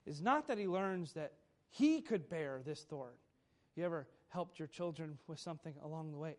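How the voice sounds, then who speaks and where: A man's voice: fairly high pitch, a little mellow. A man in his thirties preaching a sermon as pastor, telling family stories with sudden emphatic bursts.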